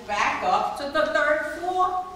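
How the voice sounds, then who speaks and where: Stage sketch: actress as a droll old neighbor lady, high and slow, broken grammar, heard far off in a reverberant room. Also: a little hiss or hum, heavily acted. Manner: meandering deadpan storytelling, broken grammar. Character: chatty older woman neighbor, rambling and droll. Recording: echoey stage recording from far off.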